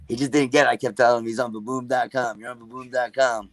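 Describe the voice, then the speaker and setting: A man's voice: medium pitch, steady tone, fast talker, dry recording. Laid-back cursing man. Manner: laid-back, profane, says "dude" a lot. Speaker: wrestler, podcast guest. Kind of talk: casual storytelling.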